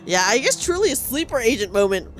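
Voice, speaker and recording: A woman's voice: fairly high pitch, sing-song, quick pace, a little hiss or hum. A woman streamer chatting casually and greeting viewers in a bubbly, upbeat way. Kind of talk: casual livestream chat. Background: faint game music.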